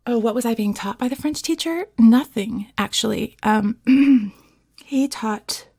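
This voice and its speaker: Chatty, husky-voiced woman host. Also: fairly high pitch, a little slow, dark tone. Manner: chatty, self-deprecating, laughing, nervous; often whispering. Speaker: host reading listener scripts. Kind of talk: casual chat.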